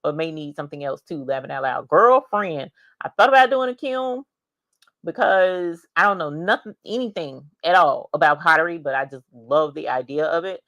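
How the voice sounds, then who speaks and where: A woman hosting a casual craft livestream, chatting and greeting viewers by name with drawn-out exclamations. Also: deep voice, expressive, fairly bright tone, no room sound, muffled recording.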